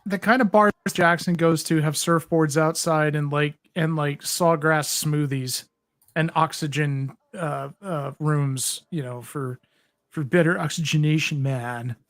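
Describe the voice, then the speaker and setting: A man's voice: on the high side, steady tone, measured pace, no room sound, clean studio sound. A man co-hosting a casual livestream, commenting in a wry, mocking way. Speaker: co-host.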